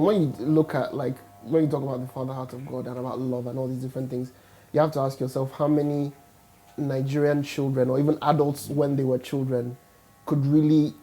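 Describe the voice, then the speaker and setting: Brief: man, quick and mellow, reflective panel guest who thinks aloud. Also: medium pitch. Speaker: pastor's child on a panel. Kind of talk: candid panel discussion.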